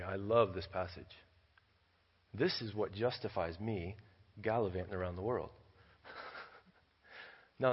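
Missionary man preaching, halting storyteller who repeats words, low and slightly hoarse, recorded lo-fi in a reverberant church. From United States. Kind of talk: sermon with scripture reading and storytelling.

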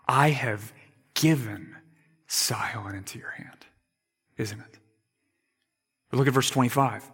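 A man preaching a sermon in an emphatic way, repeating words and dropping to quiet asides. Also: fairly high pitch, long reverb tail. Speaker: pastor.

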